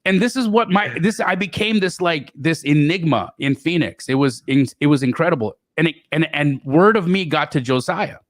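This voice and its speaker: A middle-aged man telling stories as a podcast guest, animated, often repeating words and restarting. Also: moderate pace, few pauses, dry recording, clean studio sound. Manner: animated, acts out quoted voices with big pitch jumps. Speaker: guest real estate investor. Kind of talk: storytelling in a podcast interview.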